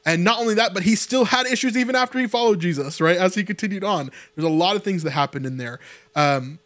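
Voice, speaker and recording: A man with a fairly high voice talks casually as a channel host, reacting to an interview clip. He rambles a little, repeats words and drops in fillers as he goes. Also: fast, a bit bright. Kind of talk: casual commentary on a video clip.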